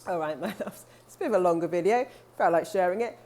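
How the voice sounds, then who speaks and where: A woman talking earnestly to camera as a spiritual coach, chatty and warm-hearted, with restarts and asides. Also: fairly low pitch, fast. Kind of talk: casual talk to camera.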